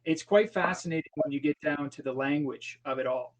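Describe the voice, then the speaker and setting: A man's voice: on the high side, fairly quick, rough recording. A man hosting a casual podcast discussion, rephrasing himself as he leads into his questions. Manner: leading questions, rephrases and restarts. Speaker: podcast host asking questions.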